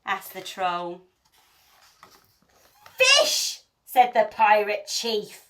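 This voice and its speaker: A woman teacher reading a children's picture book aloud as a bedtime story, with expressive storytelling. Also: medium pitch, a little slow, slight background noise.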